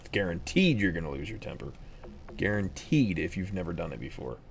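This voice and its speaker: A man's voice: low-pitched, big pitch swings, normal speed, creaky, a little hiss or hum. A young man telling rambling stories as he chats during a game stream, breaking into exasperated outbursts. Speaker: gaming streamer. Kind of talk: casual chat while gaming.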